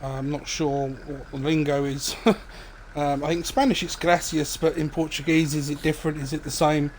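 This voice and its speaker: A man talks through his farm game in a relaxed, meandering way, leaning on ums and uhs as he goes. His voice sits a touch higher than most men's. Faint birdsong and outdoor ambience drift underneath. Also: moderate pace, a little hiss or hum. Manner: relaxed, rambling, many fillers. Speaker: gaming streamer. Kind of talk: casual let's-play commentary.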